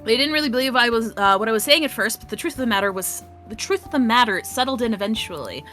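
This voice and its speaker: A woman's voice: fairly high pitch, lively intonation, fast talker, pushed and bright, soft background music. A woman reading aloud as a remorseful young woman who has left a cult, in an earnest, plain reading of game dialogue. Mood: apologetic.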